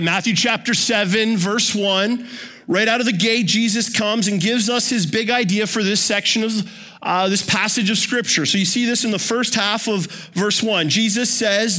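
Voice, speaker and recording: A man preaching a sermon as a pastor, in a conversational, joking way with quick asides. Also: high voice, pushed and bright. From Canada.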